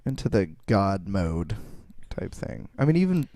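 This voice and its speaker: Male podcast co-host, gravelly, dark tone, thinks out loud. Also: low-pitched, sing-song, unhurried. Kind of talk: casual chat.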